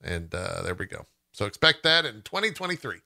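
A man's voice: on the low side, gravelly. A man hosting a casual gaming talk show, chatting loosely with a co-host and joking between topics. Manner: relaxed, joking, talks in quick bursts. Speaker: podcast host. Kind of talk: casual chat.

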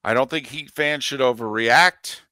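A man's voice: mid-range voice, moderate pace, pushed and bright, no echo, clean studio sound. A man co-hosting a sports radio show, giving emphatic opinions in casual sports talk.

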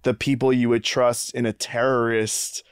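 A man's voice: mid-range voice, flat delivery, normal speed, clear, resonant tone. A man hosting a casual chat, joking around, laughing easily and putting on goofy voices.

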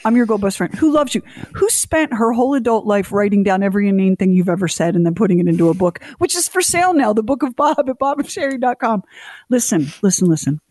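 A woman's voice: mid-range voice, fast talker, no echo. Chatty woman radio cohost, teasing storyteller, dry close studio sound. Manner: animated storytelling, mock voices, teasing. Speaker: radio show co-host. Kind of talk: casual radio chat.

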